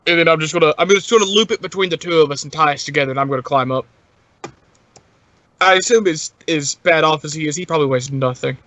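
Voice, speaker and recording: Fairly high-voiced man, laid-back player. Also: quick pace, a bit bright. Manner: casual, laughs often. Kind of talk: casual tabletop game chat. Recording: dull lo-fi sound.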